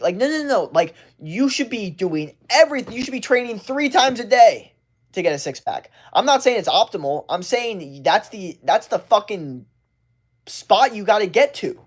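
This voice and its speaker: A man talks straight into his livestream in a blunt, profane rant. He rambles and restarts his sentences, and his pitch swings widely when he acts out other people's excuses in a higher voice. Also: very animated, fairly quick. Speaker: livestream host.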